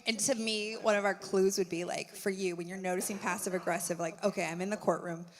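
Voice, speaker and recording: A woman speaking at a church conference in a lively, chatty way, full of "like". She acts out quoted thoughts as she talks. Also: mid-range voice, quick pace. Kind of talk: conversational stage talk. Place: church auditorium. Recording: long reverb of a large hall.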